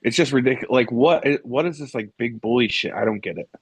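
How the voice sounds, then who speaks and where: A man's voice: mid-range voice, quick pace, breathy edge, no room sound. A man co-hosting a casual political talk show, rambling and exasperated. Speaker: co-host.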